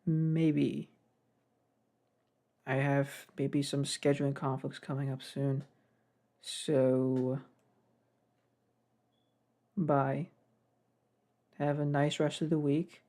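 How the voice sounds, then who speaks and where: A young man speaks very slowly and pauses often as he narrates his game development work in a casual devlog. He rambles, puts himself down, and gets sidetracked, in a mellow, mid-range voice with a level tone.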